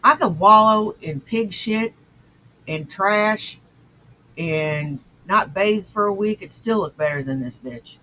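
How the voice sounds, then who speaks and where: A woman's voice: mid-range voice, slow pace, bright, forceful tone, slight background noise, low-quality recording. A woman hosting a livestream, reacting to clips with scornful, insulting commentary. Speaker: stream host reacting to clips.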